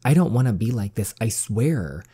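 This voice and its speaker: A man's voice: lowish voice, sing-song, normal speed, dark tone, slightly rough. A man reading the lines of a guarded, heartsick young woman, earnestly and with feeling, while playing a story game. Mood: anguished.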